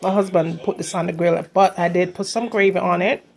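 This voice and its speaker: A woman's voice: on the low side, steady tone, brisk, vocal fry, a little mellow. Woman, tired, chatty, home kitchen vlog, phone camera. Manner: chatty, addresses viewers as y'all. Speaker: cooking channel host. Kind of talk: casual vlog chat.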